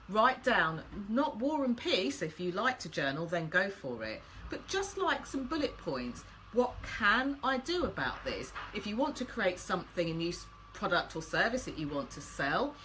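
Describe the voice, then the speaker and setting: A woman's voice: on the low side, fairly bright tone, a little hiss or hum, poor audio. A woman host giving a chatty, encouraging motivational talk to her viewers.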